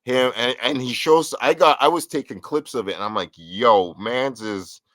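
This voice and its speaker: A man casually telling a lively story on a live talk show, acting out what people said with sudden jumps in pitch. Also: brisk, dry recording. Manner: animated, acts out quotes with big pitch jumps. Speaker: co-host.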